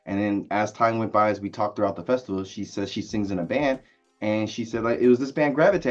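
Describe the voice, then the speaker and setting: A man's voice: fairly low pitch, a little fast, a little mellow, dull audio. An enthusiastic man giving a casual spoken music review, with plenty of "like" and "uh" fillers. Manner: enthusiastic, lots of likes and uhs. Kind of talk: casual video album review.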